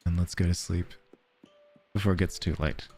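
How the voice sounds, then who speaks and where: An Australian man streams a cozy game in casual let's-play chat, giggling as he reads game letters aloud. His voice is low and a little mellow, with fairly even intonation at normal speed, and soft music plays in the background.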